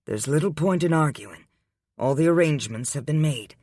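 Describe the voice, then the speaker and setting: A man reading an audiobook, voicing a calm, domineering wealthy man who speaks in a measured, patient way. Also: fairly high pitch, dry recording, studio quality. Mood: commanding.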